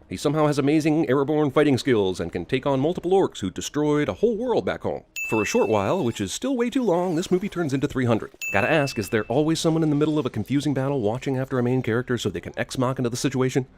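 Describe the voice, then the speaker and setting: Brief: sarcastic male comedy narrator, animated and fast, over audible noise. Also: medium pitch. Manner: snarky, mocking, quick rhetorical questions. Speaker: narrator of a movie critique comedy.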